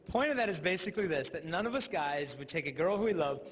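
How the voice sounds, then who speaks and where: A young American man in his twenties giving a jokey, animated talk to teenagers, telling stories with acted-out quotes. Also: fairly high pitch, fast. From United States. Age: 20s. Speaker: chastity speaker. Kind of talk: humorous motivational talk to teens. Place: large school hall with audience. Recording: lo-fi recording with long hall reverb.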